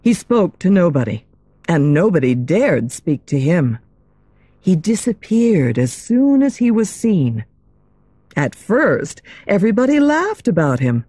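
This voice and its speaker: Woman storyteller for learners, lowish voice, slow, lively intonation, dry close sound. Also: no echo. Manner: slow, clear, expressive reading. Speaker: narrator. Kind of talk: graded-reader story narration for English learners.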